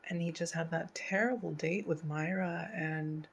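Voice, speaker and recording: Slow, thoughtful woman talking softly. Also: on the low side, steady tone, slightly rough, poor audio. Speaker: video host reacting to a TV episode. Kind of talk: casual pause-and-talk commentary.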